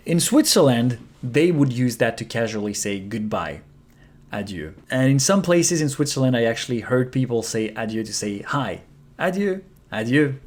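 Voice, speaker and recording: A man, a native French speaker, teaching a lesson on saying goodbye and repeating each word slowly to show how it sounds. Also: mid-range voice. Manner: slow repeated demonstrations of pronunciation. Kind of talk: language lesson.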